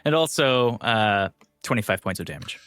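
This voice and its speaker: Low-voiced man asking rules questions. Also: lively intonation, moderate pace, fairly bright tone, clean tone, no echo, soft background music. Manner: earnest, checks the rules, vivid descriptions. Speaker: player. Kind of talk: casual tabletop play.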